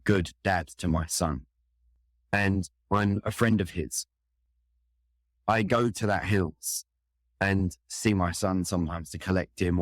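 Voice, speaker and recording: This is a firefighter guest, a middle-aged man from England with a London accent, reflecting earnestly on a personal story. His voice sits low, and the studio sound is clean with no echo.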